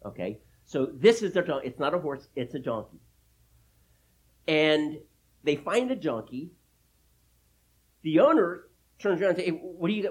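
Male pastor, emphatic Bible teacher, husky tone, animated delivery. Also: on the high side, low-quality recording. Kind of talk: expository sermon.

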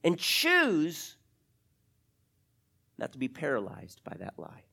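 An animated pastor preaching a sermon straight to the congregation. The voice shifts from quick, loud bursts to slow, quiet emphasis. The pitch swings widely, with a mid-range tone. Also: vocal fry, husky. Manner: talks directly to the congregation.

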